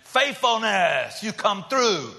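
A man preaching a dramatic sermon, shifting between loud emphatic calls and hushed low asides. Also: sing-song, slow pace, creaky. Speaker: pastor. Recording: long hall reverb.

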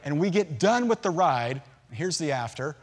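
A man in his forties preaching a sermon, telling a family story with lively acted-out voices. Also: a little high, moderate pace, background noise. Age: 40s. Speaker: pastor. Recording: long hall reverb.

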